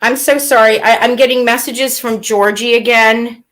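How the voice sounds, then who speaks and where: A woman's voice: a little high, fairly even intonation, moderate pace, a bit bright, lightly acted. A woman playing a melodramatic, weepy reality-TV woman in a live comedy parody, whiny and swinging into mock tears. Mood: dramatic.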